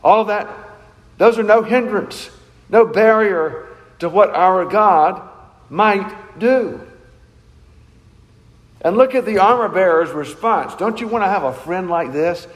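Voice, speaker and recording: A man with a high-pitched voice delivers a sermon, earnest and emphatic, asking rhetorical questions. His voice rings with a long reverb, as in a large church hall. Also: slow, pauses often. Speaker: pastor.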